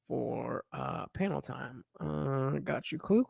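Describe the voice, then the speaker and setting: A man's voice: mid-range voice, lively intonation, unhurried, gravelly, slightly rough, no echo, studio quality. A man hosting a reaction video, joking around casually and doing playful voices.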